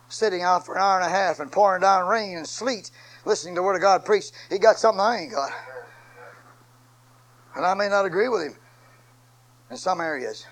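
A man preaches a fiery sermon in a high, ringing voice. He swings from low, confiding asides to loud, repeated phrases and drives his points home with force. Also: rough recording.

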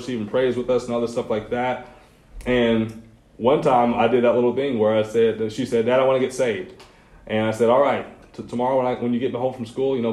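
In an echoey room, a youth pastor with a mid-range, darkish voice delivers a sermon to a youth group. He speaks casually and conversationally, sharing stories from his own life with slangy side comments.

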